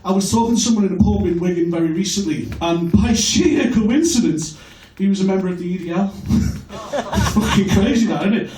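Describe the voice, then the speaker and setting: A man from Birkenhead doing a stand-up set, crude and self-mocking with a deadpan delivery. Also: high voice, a little fast, few pauses. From Birkenhead, England. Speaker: stand-up comedian. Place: comedy club stage. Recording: echoey club, recorded from far off.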